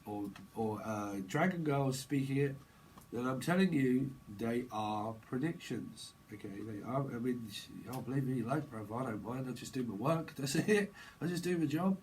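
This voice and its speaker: A man's voice: medium pitch, moderate pace, darkish tone, slight background noise, rough recording. A man giving a casual, rambling tarot reading, laughing often and using slang. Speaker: tarot reader.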